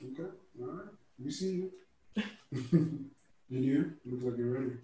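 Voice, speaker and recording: A man leading a group discussion, reading out statements slowly and calling on people by name. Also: mid-range voice, mellow. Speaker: discussion moderator. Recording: echoey room, far from the mic.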